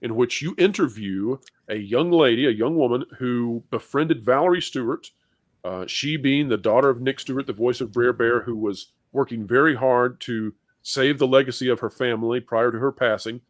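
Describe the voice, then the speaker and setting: A man's voice: medium pitch, moderate pace, no room sound, studio quality. A man hosting a livestream panel, upbeat and playful, with jokes between introductions. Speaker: host.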